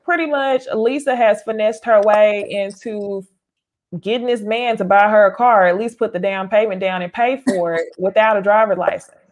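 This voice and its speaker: A woman hosting a casual chat panel, recapping reality TV, laid-back and laughing often. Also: fairly high pitch. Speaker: panel host.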